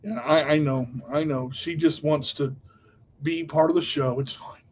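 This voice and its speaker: A man telling a story casually to camera as a vlogger, animated and jumping to loud outbursts when retelling panic. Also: fairly high pitch, moderate pace, muffled recording, a little hiss or hum.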